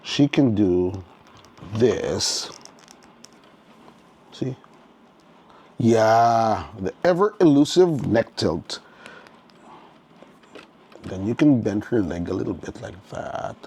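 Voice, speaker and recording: A man giving a casual unboxing commentary, thinking aloud as he works, restarting often and checking in with "okay?", clearly enthusiastic about the toy. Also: lowish voice, lively intonation, extremely slow, long pauses, a little mellow. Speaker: toy reviewer.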